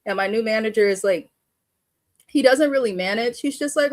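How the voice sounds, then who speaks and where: A woman's voice: on the high side, moderate pace, no echo. A woman hosting a casual live stream, talking bluntly and animatedly with frequent cursing and laughter. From Bay Area. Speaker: live show host.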